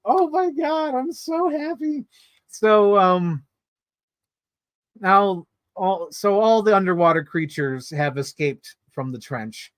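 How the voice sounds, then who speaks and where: A man giving a casual movie review, excitable, laughing often and swearing freely. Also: sits high, slow, no room sound.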